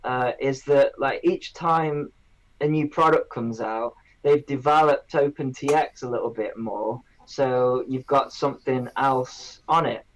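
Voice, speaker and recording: A man's voice: medium pitch, measured pace, muffled recording. A man on a podcast, rambling through a review of drone gear with lots of restarts in casual banter.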